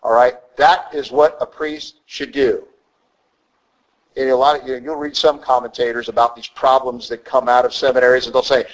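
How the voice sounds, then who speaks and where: A man's voice: medium pitch, level tone, normal speed, rough recording. A man preaching a sermon as a priest, blunt and conversational with emphatic asides.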